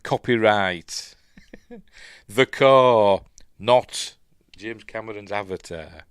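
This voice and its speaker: A man's voice: mid-range voice, expressive, slow pace, a bit bright, clear, resonant tone, no room sound, clean studio sound. A man with a Yorkshire accent hosts a podcast and recaps a film in casual chat, rambling and self-deprecating, with lots of fillers and asides. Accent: Yorkshire English. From Yorkshire, England. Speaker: podcast host reviewing films. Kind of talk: casual movie recap and commentary.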